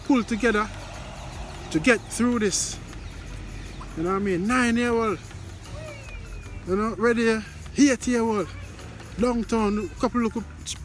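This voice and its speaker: A man's voice: high voice, a bit bright. A Jamaican man talking to his viewers in a rambling, casual commentary with lots of repeated greetings. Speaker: vlogger commenting on news.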